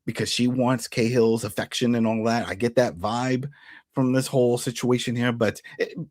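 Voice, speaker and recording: A man giving a casual recap of a TV episode, retelling the scenes in a chatty way and slipping into quick voices for the characters. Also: medium pitch, steady tone, a little mellow, no echo, clean studio sound. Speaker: TV recap host.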